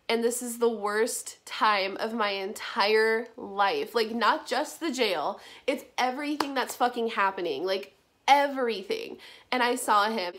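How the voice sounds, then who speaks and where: A young woman with a slightly high voice recounts a personal story in a casual vlog. She talks in a chatty way, dropping "like" often and swearing freely as she retells it. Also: fairly bright tone. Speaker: vlogger.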